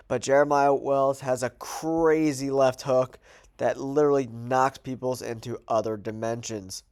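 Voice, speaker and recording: A man with a stuffed-up, nasal voice from a cold hosts his own show. He talks casually and thinks out loud, with plenty of fillers as he works through his picks. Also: medium pitch. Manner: chatty, thinking aloud with fillers. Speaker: host. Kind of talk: casual betting predictions monologue.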